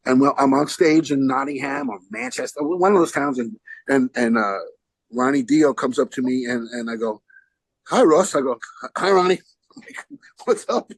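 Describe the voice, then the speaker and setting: Husky guy rambling thru a story, doing voices for everyone. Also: medium pitch, normal speed, no room sound, rough recording. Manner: animated, acts out quoted voices; rambling with restarts. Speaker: guest musician. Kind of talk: casual anecdote telling.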